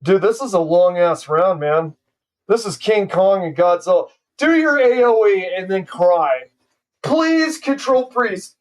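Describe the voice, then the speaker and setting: A man's voice: sits high, expressive, measured pace, recorded from a distance. A man streaming a card game live, ranting and swearing in profane trash talk at his opponent. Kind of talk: live gameplay commentary.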